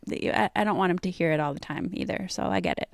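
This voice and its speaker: Gravelly-voiced chatty woman. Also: fairly low pitch, rapid-fire, no echo. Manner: rambling, speaks in loose asides. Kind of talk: casual chat.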